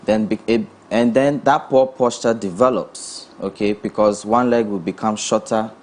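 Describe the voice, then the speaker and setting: A young Ghanaian man with a thick Ghanaian accent, a physiotherapist guest, explaining calmly and in a measured way. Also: lowish voice. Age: young adult. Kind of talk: studio interview.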